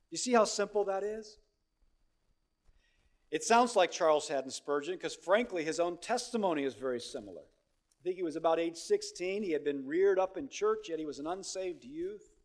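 A man preaching a sermon, moving between hushed storytelling and loud, emphatic exhortation. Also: sits high.

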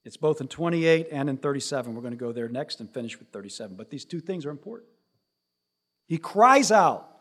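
Husky-voiced preacher delivering a sermon. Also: male voice, mid-range voice, animated, quick pace, a little mellow. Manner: preaching with rising emphatic cries, reading scripture aloud. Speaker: pastor.

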